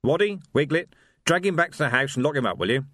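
A man voicing a hard-bitten middle-aged police sergeant who speaks low, steady and dryly confident. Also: fast talker, dry recording, clean studio sound.

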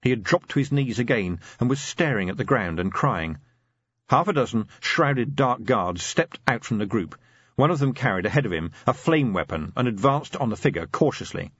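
A man with a husky, mid-pitched voice reads a novel aloud, with his intonation rising and falling freely. The recording is dry and close, and it sounds slightly muffled. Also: normal speed. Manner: lively, expressive storytelling. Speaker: audiobook narrator. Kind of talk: scripted narration.

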